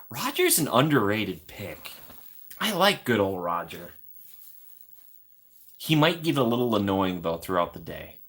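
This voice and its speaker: A man's voice: on the low side, very animated, normal speed, fairly bright tone. A man chatting casually with his viewers on a livestream from home, rambling and laughing often.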